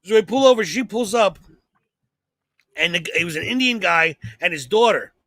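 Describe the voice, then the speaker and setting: A man tells a rambling, excitable anecdote on a comedy podcast. His voice sits high for a man and sounds bright and sharp, and he keeps restarting his sentences. The recording is close and dry. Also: moderate pace, no echo. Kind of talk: casual chat, storytelling.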